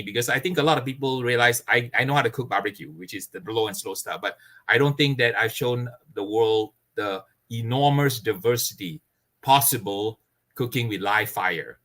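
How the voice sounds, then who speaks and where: An earnest man with a bright, forceful voice talks expansively as an interview guest. He sits at a middle pitch and breaks into laughter now and then. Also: normal speed. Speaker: barbecue pitmaster guest. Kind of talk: casual interview chat.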